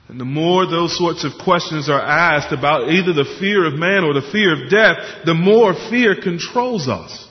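A man's voice: on the high side, lively intonation. Earnest preacher man in a reverberant hall. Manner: earnest, with pauses and rhetorical questions. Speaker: pastor. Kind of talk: sermon. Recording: dull sound in a reverberant hall.

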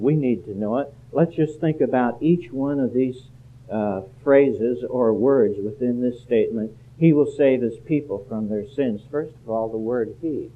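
Earnest preaching man over a tinny line. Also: medium pitch. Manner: earnest, rises to emphatic peaks. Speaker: pastor. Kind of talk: sermon. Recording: phone-like narrow band.

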